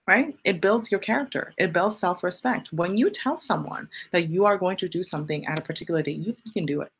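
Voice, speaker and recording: Blunt, emphatic woman with a low voice. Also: a little fast, few pauses, slight background noise. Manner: jumps up in pitch on punchy repeated lines. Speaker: live-stream host answering viewer questions. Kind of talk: casual motivational live stream.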